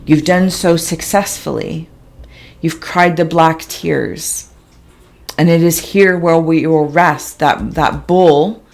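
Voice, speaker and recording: Intuitive reader, woman, lowish voice; slow, dreamy, tender delivery of visions. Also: creaky. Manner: soft, emotional and tender. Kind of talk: meditative spiritual reading.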